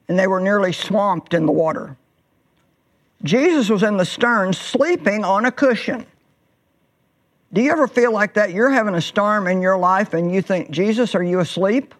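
A woman's voice: medium pitch, lively intonation, moderate pace, long pauses. A woman preaching a sermon in an earnest way, stretching words out for emphasis.

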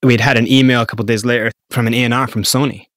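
A man's voice: medium pitch, very fast, dry recording. Scottish guy in an interview spinning a crazy story, does the voices, dry close mic. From Scotland. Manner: animated storyteller, acts out quotes. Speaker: guest.

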